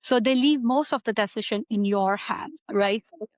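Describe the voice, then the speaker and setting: A woman's voice: a little high, normal speed, no echo. A middle-aged woman from India, a physician, answering interview questions in a conversational way, often tagging "right?" onto her sentences. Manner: conversational, frequent "like" and "right?" tags.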